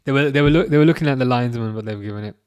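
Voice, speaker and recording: A man in his thirties hosting a live football watchalong, chatting casually and reading out comments, with a halting, restarting way of talking. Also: mid-range voice, darkish tone, smooth, dry recording. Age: 30s. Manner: halting, many restarts, chuckles often.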